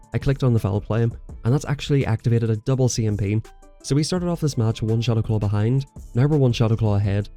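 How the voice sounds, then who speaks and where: A man's voice: mid-range voice, mellow. A man hosting his gaming channel, giving casual, chatty gameplay commentary and explaining each move as he plays. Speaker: game channel host.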